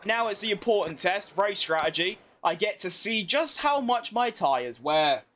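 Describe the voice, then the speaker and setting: Chatty young man over loud game noise. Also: high-pitched, animated, normal speed. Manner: chatty, self-mocking, restarts often. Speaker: gaming video creator. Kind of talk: casual commentary over gameplay.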